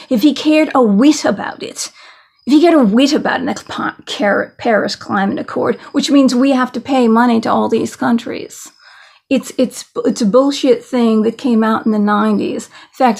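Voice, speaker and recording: Brief: indignant woman, gravelly rasp, slightly high voice, solo political rant. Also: a little mellow. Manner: indignant, repetitive, restarts often. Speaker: video commentator.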